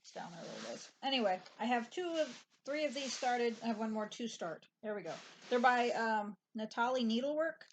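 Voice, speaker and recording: Woman chatting and teasing, kinda high voice, bit of hiss. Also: fairly quick. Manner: relaxed, teasing, rambling. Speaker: host. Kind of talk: casual chat.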